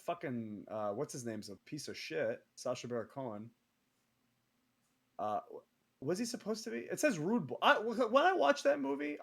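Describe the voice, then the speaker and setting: Excitable man with a lively voice. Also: fairly high pitch, vocal fry. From Middle East. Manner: excitable, swearing, quick to argue. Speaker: podcast co-host. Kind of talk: casual chat.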